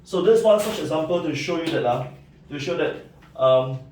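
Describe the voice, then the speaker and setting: A man's voice: fairly high pitch, lively intonation, normal speed, darkish tone, slight background noise. A man giving a recorded math lecture, explaining step by step and checking in with "right?" and "okay". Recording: echoey room, mic at a distance.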